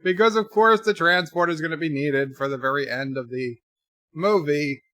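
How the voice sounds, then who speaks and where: Watching a movie alongside his chat, this streamer chats casually, reads comments aloud, and peppers it all with dry sarcasm and frequent fillers. His voice runs on the high side and a bit bright, at a normal speed, with no room sound in the recording.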